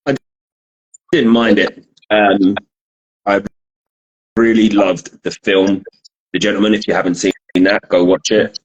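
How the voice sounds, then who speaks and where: A man's voice: fairly low pitch, level tone, a little slow, pauses often, poor audio. A man hosting a podcast, laid-back and sweary as he wraps up with the guest. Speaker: podcast host. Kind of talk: casual chat.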